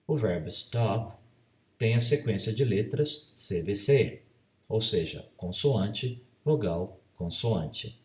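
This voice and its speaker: A Brazilian-accented man gives a slow, deliberate grammar lesson, spelling letters out one by one and repeating each rule. His voice sits fairly low and comes from a short distance away in an echoey room. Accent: Brazilian Portuguese. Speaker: teacher.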